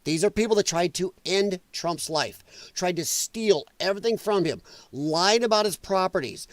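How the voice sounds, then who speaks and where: High-voiced sarcastic livestream host. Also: male voice, expressive, moderate pace, hardly any pauses, no echo. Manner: heated, sarcastic rant with mocking put-on voices; chats with live viewers while reading chat. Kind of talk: political commentary livestream.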